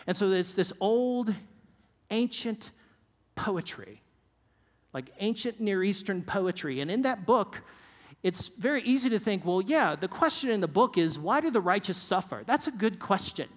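Earnest male preacher, high voice. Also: expressive, measured pace, long reverb tail. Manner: earnest, varies pace and drops low for emphasis. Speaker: pastor. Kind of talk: sermon.

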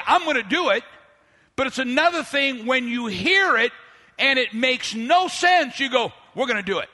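A man preaching a sermon as pastor, animated, swinging between loud outbursts and quiet, slow asides. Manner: animated preaching, pitch and volume swinging widely, voicing people in his story. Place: church hall. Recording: long reverb of a large hall.

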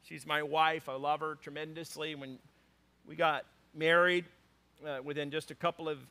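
High-voiced, bright-sounding male pastor. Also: moderate pace. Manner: animated storytelling with humor. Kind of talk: sermon. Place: church before a congregation.

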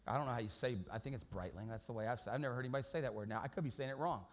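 A man's voice: medium pitch, very fast. A man preaching a sermon in a casual, storytelling way, often repeating words as he goes. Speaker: pastor.

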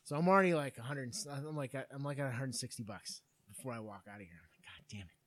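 A man's voice: medium pitch, lively intonation, fast. A man in his thirties, a podcast co-host telling a long story in casual, profane chat.

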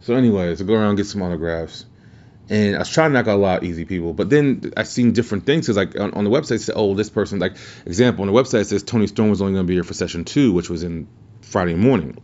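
On a muffled, lo-fi recording, a man hosting a podcast rambles through a story casually, cursing and restarting frequently. He speaks quickly in a lowish voice with a darkish tone.

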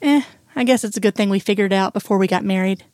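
A woman's voice: medium pitch, fast, no echo, close to an everyday voice. Brief: woman narrator doing a wry, hopeful guy in his thirties, self-deprecating, dry close sound. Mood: hesitant. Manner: self-deprecating, gently joking.

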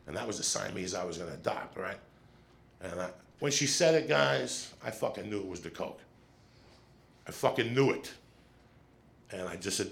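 A middle-aged man doing stand-up, telling a long story in a profane, animated way and checking in with the crowd with quick "right?" asides. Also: sits low. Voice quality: gravelly. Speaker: stand-up comedian. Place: comedy stage with audience.

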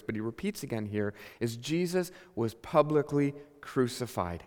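A man preaching a sermon, conversational and animated, telling stories with emphatic bursts. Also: mid-range voice, in a large hall. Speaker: pastor.

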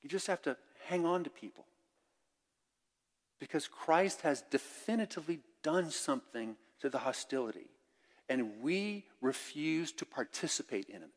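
An older man preaching a sermon as pastor, candid and conversational, swinging between loud and hushed. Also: fairly high pitch, expressive, moderate pace. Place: church sanctuary. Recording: long church reverb.

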